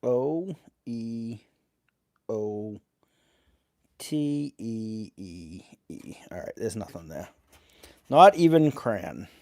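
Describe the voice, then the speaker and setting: New male live-streamer, gravelly, slow and chatty, greets viewers, dry close sound. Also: fairly low pitch, expressive, darkish tone, no room sound. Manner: reads letters aloud while greeting chat viewers. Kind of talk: casual live-stream chat.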